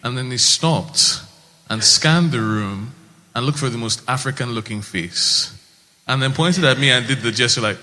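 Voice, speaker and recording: Young Nigerian comedian with a bright voice. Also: male voice, medium pitch, normal speed. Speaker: stand-up comedian. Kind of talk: stand-up comedy set. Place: comedy stage. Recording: reverberant live stage.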